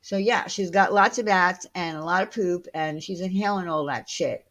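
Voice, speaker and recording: A woman with a lowish, slightly bright voice talks at a moderate pace as she hosts a casual livestream. She chats with viewers and answers their comments bluntly, with plenty of fillers and the occasional swear word.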